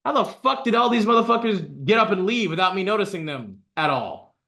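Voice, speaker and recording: A man's voice: high voice, very animated, brisk, creaky, bright, forceful tone. A man co-hosting a podcast, ranting casually and profanely, with lots of restarts, as he reacts to a story. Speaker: podcast co-host.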